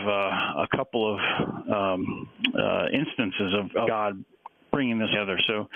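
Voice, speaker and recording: A man being interviewed as an author, talking haltingly with many fillers and restarts. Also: fairly low pitch. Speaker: author and guest. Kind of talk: phone-in interview. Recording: tinny phone line.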